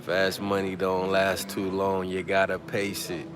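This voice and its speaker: A man's voice: low voice, completely flat delivery, unhurried, music in the background. A man hosting a casual livestream from a media room, chatting in slang and reading out viewer comments. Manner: laid-back slang, reads out viewer comments. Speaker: livestream host. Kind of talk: casual live chat with viewers. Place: press conference media room.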